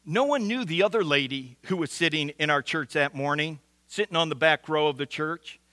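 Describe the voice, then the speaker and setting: A man preaching a sermon as pastor, earnest, slowing down to stress key lines and often restarting words. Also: fairly high pitch, bright, forceful tone, no echo. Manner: earnest, with frequent restarts and slow emphatic repetition.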